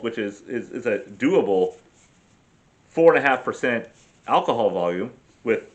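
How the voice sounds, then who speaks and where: A vlogger with a medium-pitched voice rambles through a casual travel vlog, swearing freely. He tells self-deprecating stories about a camping trip with his family.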